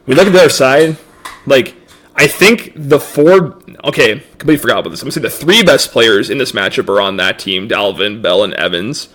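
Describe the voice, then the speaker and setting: A man's voice: medium pitch, expressive, brisk, fairly bright tone. A young man co-hosting a fantasy football podcast, offhand and self-mocking, often stumbling over his words. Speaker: podcast co-host. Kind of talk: casual fantasy football chat.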